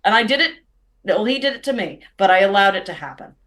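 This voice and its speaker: A woman chatting at a tabletop game, with a medium-pitched voice. She tells stories in a loose, rambling way. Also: lively intonation, fast talker, fairly bright tone. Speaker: player. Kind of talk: casual chat during a tabletop game.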